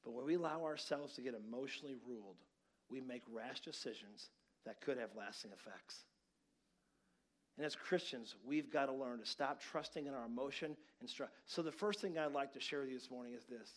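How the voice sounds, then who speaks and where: A man in his forties delivers a sermon in a storytelling manner. His voice swings from hushed, intimate asides to sudden loud outbursts as he acts out the story. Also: mid-range voice, brisk. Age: 40s. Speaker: pastor.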